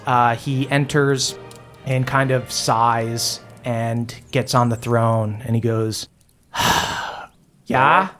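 A man's voice: mid-range voice, a bit bright. A man narrating as game master in a casual way, with laughing asides.

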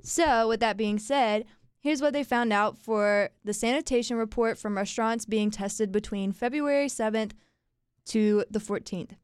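A chatty young woman talks through local news in a lively, casual way. Her voice is fairly high and smooth. The recording is dry and close. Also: normal speed, no echo. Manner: chatty, lively, laughs easily. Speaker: podcast co-host.

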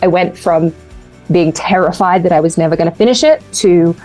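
A woman's voice: fairly low pitch, normal speed, a little mellow, soft background music. Earnest woman recounting her story. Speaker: guest, actress. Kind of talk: casual interview talk.

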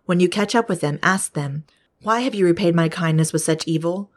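A woman's voice: lowish voice, a little fast, lightly acted. A woman reading the part of Joseph, a powerful man giving firm commands. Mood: commanding. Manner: firm, commanding read-aloud delivery.

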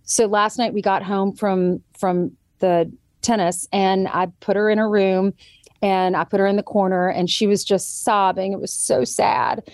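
A woman's voice: medium pitch, flat delivery, a little slow, darkish tone, no echo, studio quality. A woman in her thirties chatting as a guest and telling a parenting story, quoting others vividly as she goes. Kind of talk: casual chat.

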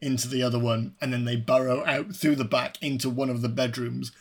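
A man's voice: medium pitch, little pitch movement, brisk. A man from Wales chatting casually about a film as podcast co-host, laid-back and swearing freely with frequent laughter.

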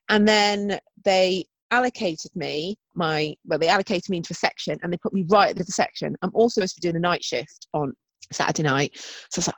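A woman talks frankly on a podcast, her voice bouncing up and down in pitch as she gets flustered about her plans. The sound is close and dry, with almost no room around her. She swears casually and leans on fillers like "um" and "so". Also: dry recording. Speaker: podcast co-host. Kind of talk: casual chat.

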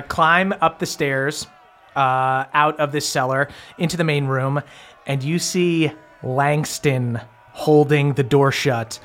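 A man's voice: fairly high pitch, fairly bright tone. A man as game master, casually narrating a tabletop game with many fillers and the odd curse.

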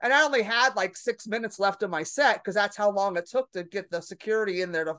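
A woman's voice: mid-range voice, fast, fairly bright tone. A woman comedian telling a story in a podcast conversation, brash and profane, acting out the people in it. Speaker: comedian guest.

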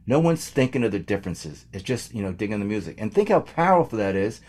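Low-voiced male musician guest, loose and rambling, casual chat. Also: very animated, fast talker, a little mellow. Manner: rambling, lots of fillers and restarts. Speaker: guest singer-songwriter.

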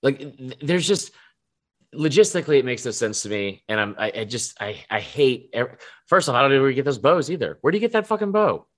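A man's voice: mid-range voice, sing-song, a little fast, a bit bright. A man co-hosting a podcast, rambling and swearing with plenty of filler words. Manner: rambling, profane, lots of "like" fillers. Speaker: podcast co-host. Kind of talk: casual podcast chat.

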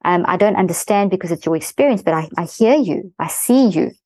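A middle-aged woman, a guest expert in an interview, explaining a parenting method in fast-flowing, animated talk. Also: lowish voice, no echo, rough recording.

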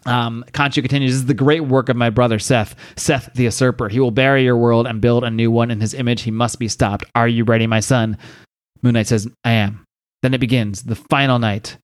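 A man hosting a comics podcast, casually recapping a story and acting out the dialogue in raised, excited voices. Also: brisk, no echo, studio quality. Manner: acts out dialogue with high-pitched voices, swears casually. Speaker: podcast host.

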